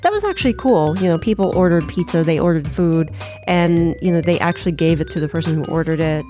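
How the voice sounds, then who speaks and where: A woman's voice: on the low side, animated, mellow, soft background music. A woman co-hosting a podcast, upbeat and leading the segments. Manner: upbeat, leads segments, quick reactions. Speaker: podcast co-host. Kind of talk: casual chat.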